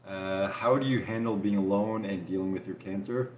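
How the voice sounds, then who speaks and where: A man with a fairly low voice hosts a live stream and answers viewer questions in loose, casual chat. He speaks candidly, often restarting his sentences and filling them with "like." The sound carries a roomy echo. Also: normal speed, dull audio, a little hiss or hum. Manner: relaxed and candid, with frequent restarts and "like".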